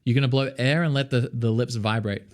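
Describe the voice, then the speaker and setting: A man's voice: mid-range voice, fairly even intonation, brisk, a little hiss or hum. A young Australian man with an Australian accent, teaching singing in a casual, chatty way full of fillers. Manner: chatty, lots of fillers, sings demonstrations. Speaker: vocal coach. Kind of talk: casual vocal lesson.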